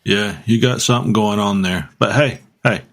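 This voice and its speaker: A man's voice: on the low side, moderate pace, fairly bright tone. A man hosting a podcast in casual, joking chat. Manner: joking, rambling. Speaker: podcast host.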